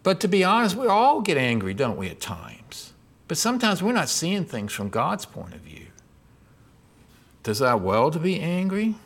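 A man's voice: fairly high pitch, normal speed. A middle-aged male pastor preaching a sermon, reading scripture aloud and asking his listeners questions. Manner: expressive preaching, voicing scripture and God's lines, asks the congregation questions.

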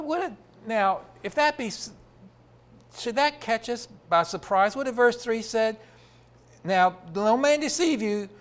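A man preaching a sermon, asking the congregation rhetorical questions and answering them himself. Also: sits high.

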